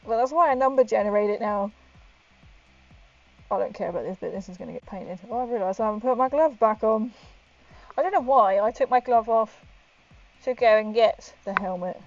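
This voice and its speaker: A chatty woman talks to her viewers while painting, laughing often and thinking aloud. Her voice sits a little high and sounds muffled and lo-fi, with faint music playing behind her. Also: a little fast, long pauses, a little mellow. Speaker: livestreamer painting miniatures. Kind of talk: casual live-stream chat. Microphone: wearing a helmet that muffles her voice. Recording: dull lo-fi stream audio with faint music.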